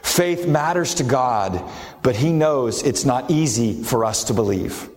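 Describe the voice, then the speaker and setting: A man's voice: medium pitch, expressive, unhurried, darkish tone. A man preaching a sermon as a pastor, earnest and building to impassioned emphasis. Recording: long hall reverb.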